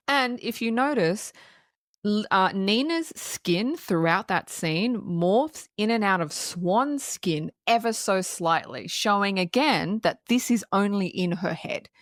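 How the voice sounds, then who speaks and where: A woman co-hosting a podcast in casual film-review chat, retelling scenes in an animated way with frequent laughs and swearing. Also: medium pitch, slow, dry recording, clean studio sound. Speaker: podcast co-host.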